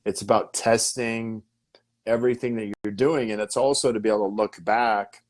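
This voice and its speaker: A man with a fairly low voice coaches on business as an interview guest. He is energetic and emphatic and keeps checking in with his listeners as he explains his points. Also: moderate pace. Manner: energetic and emphatic, with repeated "okay?" and "right?" checks. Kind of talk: casual teaching in an interview.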